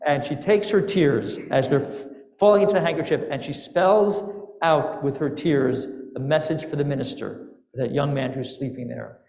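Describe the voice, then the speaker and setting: A male rabbi telling a fable in his sermon, in a casual, animated way. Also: a little high, moderate pace, vocal fry. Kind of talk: storytelling sermon. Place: synagogue sanctuary. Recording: echoey sanctuary with long reverb.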